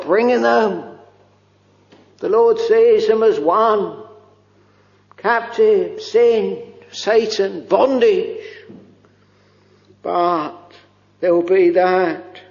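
Male preacher, gravelly and high, slow fervent sermon, muffled lo-fi chapel recording with long reverb. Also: a little mellow. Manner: slow, fervent, drawn-out delivery with many "oh"s.

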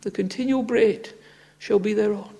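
A man's voice: sits high, moderate pace, mellow. A man preaching a sermon in an earnest, exhorting manner, often breaking in with "ah, friends" and "oh".

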